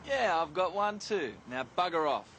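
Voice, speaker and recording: A man's voice: on the high side, animated, normal speed, fairly bright tone, a little hiss or hum. An actor playing a cheeky, sarcastic Australian man in a TV drama. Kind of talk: TV drama acting.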